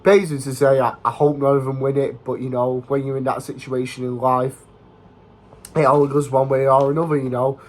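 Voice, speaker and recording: A man's voice: medium pitch, little pitch movement, a little fast, a little mellow. A young man, chatting casually to camera about his favourite football matches and leaning on fillers like "you know" and "obviously". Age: young adult. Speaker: football vlogger. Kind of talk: casual talking-head vlog.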